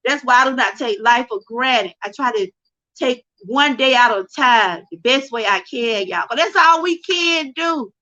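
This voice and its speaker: Close to tears, this middle-aged Georgia woman pours out a fervent testimony on her livestream, preaching to her viewers and calling them "y'all." She has a high, bright voice and a forceful delivery, captured on a rough recording.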